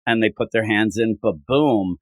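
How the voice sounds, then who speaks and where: A man's voice: moderate pace, no room sound. A man casually recapping a comic on a podcast, acting out the characters' lines as he goes. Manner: animated retelling, acting out quotes with big pitch jumps. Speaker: podcast host. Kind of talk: casual comic book discussion.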